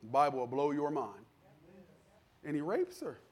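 A man preaching a sermon in a conversational style, acting out the people in his stories and building to loud, fervent peaks. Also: fairly high pitch, very animated, normal speed, husky. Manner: conversational preaching, acts out quoted voices, builds to shouting. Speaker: pastor.

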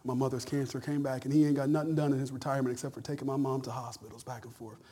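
A middle-aged male pastor preaching a sermon in a conversational, folksy way, stammering and then rising to loud shouted peaks. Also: mid-range voice, flat delivery, rapid-fire, slightly rough.

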